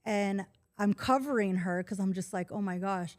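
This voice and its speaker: A woman in her forties, a podcast guest, telling a personal story in casual conversation, calm and earnest. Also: medium pitch, normal speed. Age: 40s.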